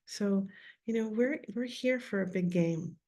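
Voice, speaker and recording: A woman with a raspy voice leading a guided voice workshop on a live video call, speaking softly and often slipping into whispers. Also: medium pitch, measured pace. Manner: soft, drifting into whispers while guiding. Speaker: workshop leader.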